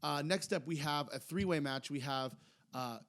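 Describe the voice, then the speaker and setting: A man co-hosting a podcast, chatting casually and a bit hesitantly, getting excited as he talks. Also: on the high side, normal speed. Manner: rambling, hesitant, gets excited. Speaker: podcast co-host. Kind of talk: casual chat recapping wrestling.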